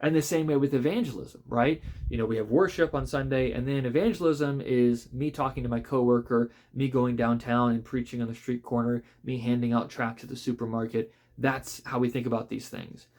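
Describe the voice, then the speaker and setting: A man, a pastor, reviewing a book in a relaxed spoken way, thoughtful and conversational, with frequent fillers and restarts. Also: mid-range voice, brisk, hardly any pauses.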